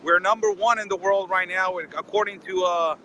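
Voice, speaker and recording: A man's voice: high voice, steady tone, normal speed, bright, forceful tone, a little hiss or hum, low-quality recording. A man calling in to a casual live-stream conversation, indignant and firing off rhetorical questions at the host. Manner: indignant, fires rhetorical questions, keeps addressing the host by name. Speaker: border correspondent calling in.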